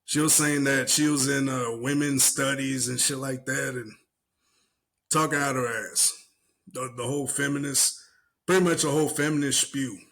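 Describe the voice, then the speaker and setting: A young podcast co-host with a mid-range voice, at normal speed, retells an online argument in casual chat. He curses, laughs and mimics the people involved in profane slang.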